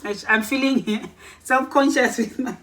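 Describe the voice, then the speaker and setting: Her voice sits high, steady and a little bright, and she speaks at a measured pace. This young woman from Lesotho, filming in a warm room inside a cold house with the camera across from her, spins a long, casual story, acting out both speakers in conversations and correcting herself often.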